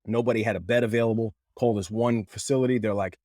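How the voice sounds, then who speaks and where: Earnest low-voiced man telling a story. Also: fairly even intonation, quick pace, hardly any pauses, mellow, no room sound, studio quality. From Canada. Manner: emotional, earnest, frequent fillers and restarts. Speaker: podcast guest. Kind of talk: candid storytelling.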